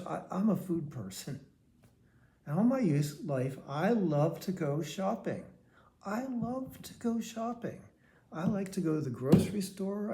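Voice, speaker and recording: A man's voice: a little high, dark tone. An older man, telling a rambling, candid personal story. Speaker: vlogger.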